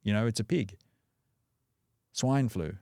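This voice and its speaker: An Australian breathwork coach appears as a podcast guest in a casual conversational interview, rambling loosely with plenty of fillers and restarts. His lowish voice is slow and warm, in studio quality with no room sound.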